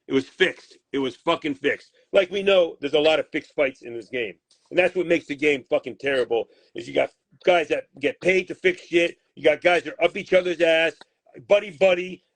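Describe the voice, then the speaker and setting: A man's voice: fairly high pitch, fairly bright tone, no room sound. A man, a boxing manager, answering interview questions in a blunt, combative way and swearing freely.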